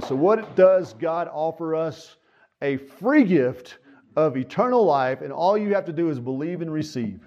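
Brief: earnest male pastor, slightly high voice, plain folksy sermon on a dull recording. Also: expressive, a little slow, a little mellow. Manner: earnest, folksy preaching with frequent fillers. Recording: dull lo-fi sound.

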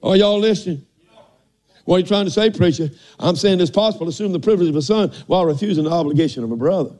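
A man's voice: sits high, very fast, darkish tone. An older man preaching a folksy sermon, often asking "are y'all listening" and saying amen.

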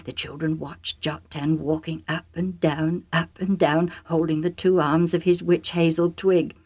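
A woman narrating a storybook for children, chatty and warm, with asides to the listener. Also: low-pitched, steady tone, measured pace, dry recording.

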